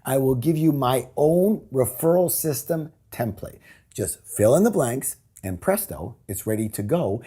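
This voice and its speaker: A man giving a high-energy sales pitch as a seminar trainer, emphatic and repetitive, leading the audience in call-and-response. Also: dark tone, slightly rough.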